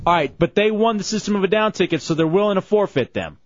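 A man's voice: high-pitched, lively intonation, fast. A man hosting a casual radio show, teasing his co-hosts and callers and laughing a lot. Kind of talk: casual morning radio banter. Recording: dull lo-fi radio audio.

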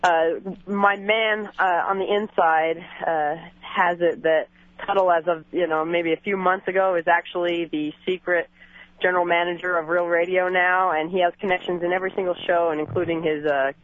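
Hesitant high-voiced male radio caller. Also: level tone, moderate pace, no room sound. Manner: hesitant, many fillers. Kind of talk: phone-in call. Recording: lo-fi radio broadcast.

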